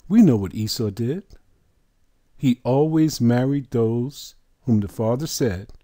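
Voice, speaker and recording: A male preacher giving a Bible teaching in a deliberate, emphatic sermon style, stretching out key words. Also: on the low side, mellow, no echo, clean studio sound.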